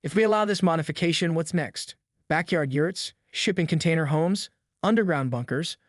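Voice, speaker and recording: A man's voice: fairly high pitch, moderate pace, dry recording, clean studio sound, natural voice. Man putting on a cutting, prim HOA board woman. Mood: proclaiming. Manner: cutting, proclaiming.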